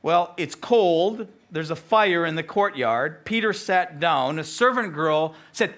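An American pastor preaches with animated storytelling, acting out the voices of the people in the story. His voice sits a bit high and swings widely in pitch, with a bright, forceful edge. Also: slow, few pauses. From United States. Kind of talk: sermon.

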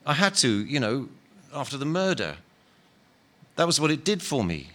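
A man reading aloud and voicing a calm, reassuring male spirit who speaks patiently. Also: fairly high pitch, normal speed. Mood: serene. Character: calm joyful male spirit, gentle, at peace.

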